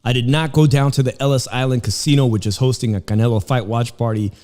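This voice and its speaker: A man's voice: mid-range voice, steady tone, fast, a little mellow, big-room sound. A man hosting a casual live stream, rambling between fight commentary and chat while chewing food at home. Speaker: livestream host and fight commentator. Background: background music.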